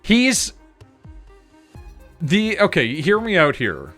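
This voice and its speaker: A man's voice: sits high, wildly swooping pitch, takes it slowly, a bit bright. Rambling young man chatting over faint music. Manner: rambling, restarts, laughs often, swears casually. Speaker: streamer. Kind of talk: casual chat while gaming.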